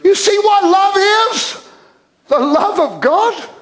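High-voiced man preaching fervently in an echoey hall. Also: animated, slow pace. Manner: shouting, fervent preaching with sudden drops to quiet asides. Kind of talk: impassioned sermon. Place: church sanctuary.

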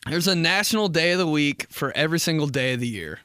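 A man's voice: fairly high pitch, expressive, quick pace, fairly bright tone, clean tone, no room sound, studio quality. A young man hosting a podcast, ranting comically in a profane, exasperated way. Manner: profane, exasperated, jumps into acted voices. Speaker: podcast host. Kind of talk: comedic rant.

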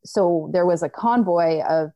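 Young woman telling a story, lowish voice, lots of "like"s, dry close sound. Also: a little slow, dry recording. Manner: animated retelling, acting out quoted people, many filler likes. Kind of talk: casual personal storytelling.

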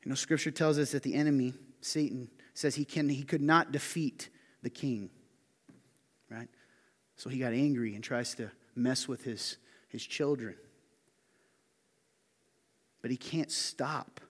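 A man with a Southern US accent preaching a sermon as pastor, animated and joking, swinging between loud emphasis and hushed asides. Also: mid-range voice. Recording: reverberant hall.

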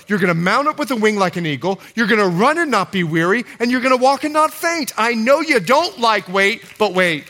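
A man preaching a sermon as pastor, swinging from loud calls to hushed low lines. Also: lively intonation, moderate pace. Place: church.

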